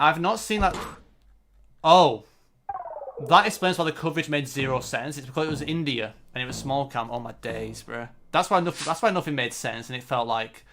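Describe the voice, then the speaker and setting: A man giving live commentary on his own competitive game, frustrated and self-critical. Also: medium pitch. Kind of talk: live-streamed match commentary.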